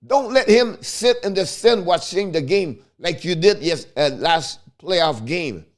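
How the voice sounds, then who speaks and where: Frustrated hockey commentator with tinged English. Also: male voice, sits high, animated, unhurried. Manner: heated, frustrated, repetitive, broken English phrasing. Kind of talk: ranting fan commentary.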